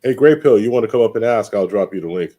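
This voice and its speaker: A man's voice: fairly low pitch, lively intonation, fast talker, dark tone. A man hosting a casual live podcast stream, easygoing and prone to repeating himself as he runs the show. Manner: easygoing, repeats phrases, laughs often. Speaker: podcast host.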